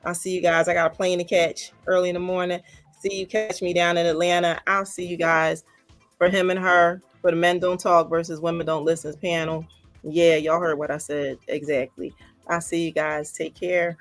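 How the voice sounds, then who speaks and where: A woman hosting a casual livestream, upbeat and animated, repeating phrases for emphasis. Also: fairly low pitch, moderate pace, no echo, soft background music. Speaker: livestream host.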